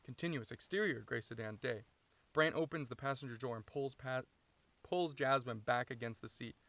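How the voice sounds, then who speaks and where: A man reading his own screenplay aloud, steady and matter-of-fact, inside a parked car. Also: medium pitch, normal speed, gravelly, no room sound. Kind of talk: script read-through narration.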